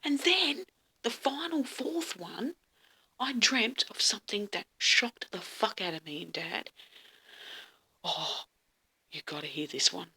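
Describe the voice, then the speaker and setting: A woman's voice: mid-range voice, slow pace, pauses often, sharp tone, slightly rough. A woman telling a dream story in a dramatic, casual way, often dropping to a whisper and swearing freely.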